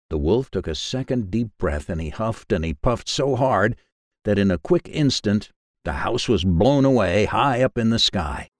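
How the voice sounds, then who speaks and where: A man narrating a children's fairy tale in a measured, expressive way. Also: fairly low pitch, dry recording, clean studio sound. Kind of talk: storybook narration.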